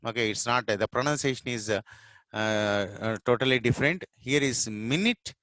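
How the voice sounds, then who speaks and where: A middle-aged man from India with an Indian English accent and Telugu as his first language, explaining English words slowly in a lesson with many fillers and repetitions. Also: medium pitch, sharp tone, no echo. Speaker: English teacher.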